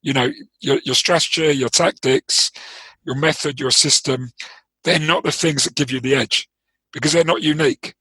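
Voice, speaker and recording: London-accented coach, bright and slightly husky, explains at length and often restarts his sentences. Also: a little high, steady tone, moderate pace, no echo, poor audio. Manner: thoughtful, explanatory, with frequent restarts and repeated words. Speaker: trading performance coach, interview guest. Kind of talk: interview conversation.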